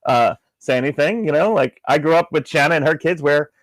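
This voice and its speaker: A man with a slightly higher voice co-hosts a casual podcast and rambles through personal stories. He leans on fillers like "like" and "you know", and the sound is dry and close with no room echo. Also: brisk. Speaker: podcast co-host.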